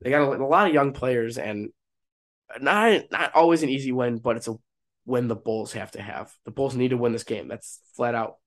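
A man's voice: mid-range voice, moderate pace. Young male sports podcast host, sick and stuffed up, casual and rambling with hyped bursts, mid-range voice. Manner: casual, restarts often, rises to hype. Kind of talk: solo sports podcast talk.

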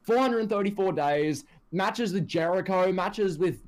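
A man's voice: sits high, unhurried. A man co-hosting a casual wrestling chat, ranting animatedly. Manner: animated ranting, quotes others in put-on voices. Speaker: podcast co-host.

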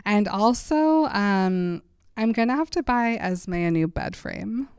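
Smooth-voiced woman recapping with laughs. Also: medium pitch, slow, no room sound, clean studio sound. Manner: laughing, quotes characters in a flat deadpan. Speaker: podcast co-host. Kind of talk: casual recap chat.

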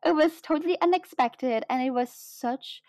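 Young woman, high bright voice, chatty storyteller, dry close sound. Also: normal speed, no echo. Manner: excited, chatty, many fillers. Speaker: guest telling a story. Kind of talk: casual chat, storytelling.

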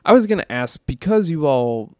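A man co-hosting a podcast, asking questions and musing in a relaxed, filler-heavy way. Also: fairly high pitch, moderate pace, no echo, clean studio sound. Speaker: podcast co-host. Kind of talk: casual chat.

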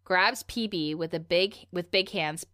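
A woman's voice: fairly low pitch, unhurried, sharp tone, no echo, studio quality. A woman casually recapping a cartoon episode with a co-host, animatedly acting out the characters' lines. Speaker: podcast co-host.

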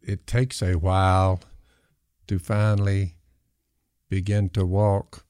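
An older man talking slowly and with pauses in a casual chat, as a regular on the show. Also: sits low, little pitch movement, a little mellow, smooth, no room sound. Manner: slow, measured, with pauses. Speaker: show regular, father of the hosts.

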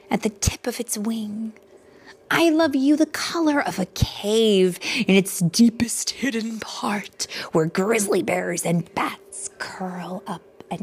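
A woman voicing a gentle loving mother of two boys in a storybook, speaking softly with breathy whispers. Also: mid-range voice, expressive, extremely slow, full character voice. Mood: tender. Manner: soft, tender, partly whispered.

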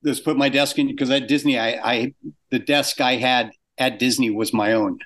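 An older man telling anecdotes in a casual interview, acting out quoted exchanges with animated shifts in pitch. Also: normal speed. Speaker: guest animator.

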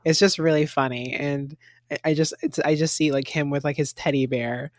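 A man's voice: a little high, fairly even intonation, normal speed, dry recording, clean studio sound. A young man co-hosting a casual chat, rambling with lots of "like" and frequent laughs. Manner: rambling, heavy use of "like", laughs often. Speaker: podcast co-host. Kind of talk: casual chat reviewing a reality show.

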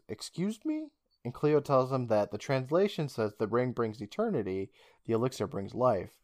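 Male podcast co-host, animated recap with quick character lines, dry close sound. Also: mid-range voice, dry recording. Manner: retells scenes with quick put-on character lines, laughs often. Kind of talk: casual recap chat.

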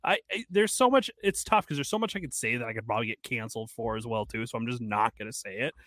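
A man's voice: mid-range voice, lively intonation, fast, a bit bright, dry recording. Profane man ranting on a dry mic. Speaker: podcast co-host. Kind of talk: casual podcast chat.

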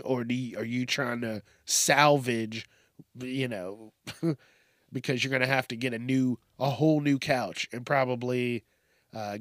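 A man hosting a profane comedic news show, ranting and telling stories in a crude, animated way. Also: medium pitch, no room sound, clean studio sound. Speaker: show host.

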